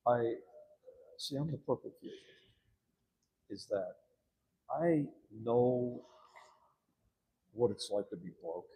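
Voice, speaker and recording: A man's voice: mid-range voice, animated, takes it slowly, creaky, long pauses, breathy edge, lo-fi sound. A man in casual talk, ranting and telling a story with lots of swearing, acting out what others would say. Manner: profane, storytelling, acts out quoted voices. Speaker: citizen activist. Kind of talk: casual animated rant.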